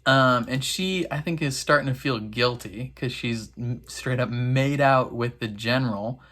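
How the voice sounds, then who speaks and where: A man in casual reaction commentary, chatty and wry, laughing often and filling pauses with "um". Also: fairly bright tone. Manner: acts out characters' lines in quick high voices. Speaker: reaction video host.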